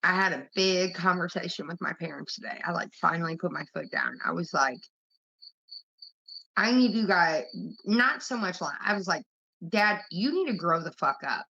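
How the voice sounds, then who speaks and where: Woman streamer, casual chat host; bright, cutting tone, blunt and profane, muffled lo-fi audio. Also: fairly low pitch, moderate pace. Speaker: livestream host. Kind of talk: casual venting to a live chat.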